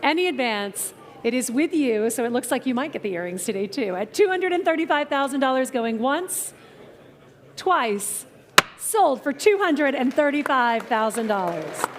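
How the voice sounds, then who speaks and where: A woman auctioneer with a high, bright voice, calling bids in quick rhythmic patter. She jokes and teases the room between numbers. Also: big pitch swings. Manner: brisk, playful patter with the bidders. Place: auction tent at an outdoor car show.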